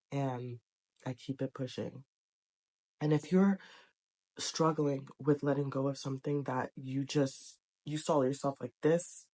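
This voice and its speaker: A woman's voice: extremely low pitch, darkish tone. A young adult woman talking to camera in a casual vlog, earnest, emotional and encouraging. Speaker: vlogger. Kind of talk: casual heartfelt vlog talk.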